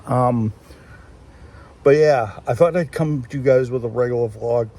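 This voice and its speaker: A man's voice: medium pitch, measured pace, warm tone. A man chatting casually in a walking vlog, rambling and restarting often, recorded on a handheld phone outdoors. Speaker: vlogger. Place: outdoors, walking through town.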